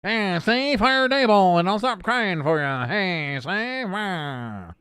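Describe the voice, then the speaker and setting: A blubbering 1930s-gangster toddler, done by a man in a high, nasal wiseguy voice. He bounces between pitches while he whines. The sound is dry and close. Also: animated, takes it slowly, pushed and bright, clean tone, no echo, heavily acted. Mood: whining.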